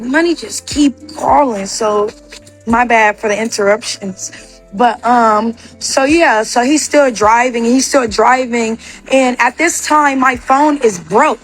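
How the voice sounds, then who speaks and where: A young woman speaks in a bright, high register, spilling out a personal story in loose storytime fashion. Her sentences are padded with "like" and restart often. Faint music sits underneath. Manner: rapid, filler-heavy with constant "like". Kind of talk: casual storytime.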